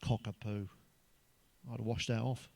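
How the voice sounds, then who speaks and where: An English man doing a stand-up routine of crude, blunt one-liners, full of swearing, who pitches up when he quotes other people. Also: animated, normal speed, no echo. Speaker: stand-up comedian.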